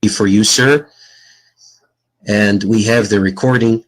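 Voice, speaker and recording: A man's voice: on the low side, fairly even intonation, slow pace, low-quality recording. A man debating in an online voice chat room, taunting and mocking his opponent.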